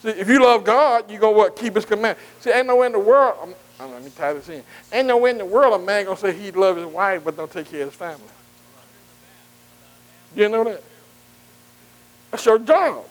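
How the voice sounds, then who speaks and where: A man's voice: high voice, animated, a little fast, long pauses, poor audio. A man preaching a sermon as pastor, in a call-and-response style that keeps quizzing the congregation and asking "amen". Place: church.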